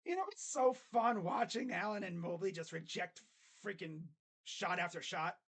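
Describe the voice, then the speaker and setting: A fan streamer calling a basketball game live, play-by-play style, mixing excited calls with sarcastic jokes and quiet mutters. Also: medium pitch, normal speed. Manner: joking, sarcastic asides. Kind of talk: casual live play-by-play reaction.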